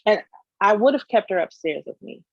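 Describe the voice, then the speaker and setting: A woman guest in an interview, telling a personal story in a candid, animated way and acting out the scenes. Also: mid-range voice, a little fast, no room sound, dull audio. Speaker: business owner guest.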